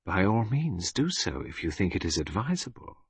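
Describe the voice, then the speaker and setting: A calm, sinister briber, read by a man. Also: mid-range voice, slightly rough, no echo. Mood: calm menace. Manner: calm, unhurried. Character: calm, sinister male briber, smooth criminal agent.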